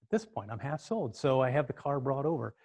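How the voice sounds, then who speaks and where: A middle-aged man giving a storytelling talk, animated and repeating words as he goes. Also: medium pitch, a little fast. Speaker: speaker.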